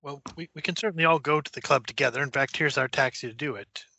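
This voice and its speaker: Bright-voiced man at a tabletop game. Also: medium pitch, quick pace, creaky, breathy edge, highs cut off. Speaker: player.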